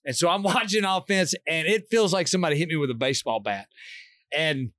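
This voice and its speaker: A man's voice: a little high, brisk, bright, forceful tone, dry recording. Laid-back man on a dry mic. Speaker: podcast co-host; football coach. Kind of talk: casual storytelling chat.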